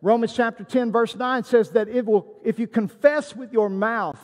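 Male pastor, very high voice, emphatic sermon delivery, long hall reverb. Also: steady tone, normal speed. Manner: emphatic preaching with scripture quotes.

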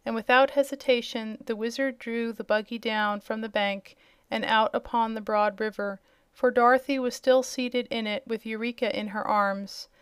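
A woman narrating a children's storybook with steady, measured reading. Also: fairly high pitch, clean tone, no echo. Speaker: audiobook narrator.

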